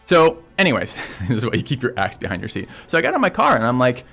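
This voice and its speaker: A man's voice: mid-range voice, huge pitch swings, quick pace, creaky, fairly bright tone, faint music behind. Blunt, profane man ranting. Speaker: streamer. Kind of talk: casual stream chat.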